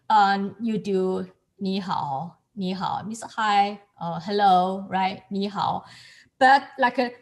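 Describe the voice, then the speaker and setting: A woman with as her teaches tones over a video call. She speaks slowly and a little high, stopping and repeating words as she goes. She laughs often between explanations. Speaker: Mandarin tone teacher. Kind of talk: online class instruction.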